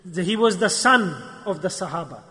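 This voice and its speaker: A man giving an animated storytelling sermon at a gathering, acting out dialogue and using Arabic religious terms. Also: high voice, normal speed. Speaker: preacher. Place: gathering hall. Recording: long hall reverb.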